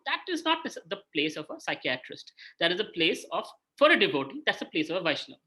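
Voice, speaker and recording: Bright-voiced man teaching scripture. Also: fairly high pitch. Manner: conversational, frequent "right?" check-ins. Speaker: spiritual mentor teaching scripture. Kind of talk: informal scripture talk.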